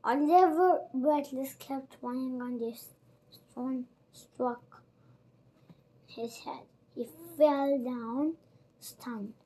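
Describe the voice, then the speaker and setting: Kid reading a story out loud, slow and careful, high little voice. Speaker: narrator.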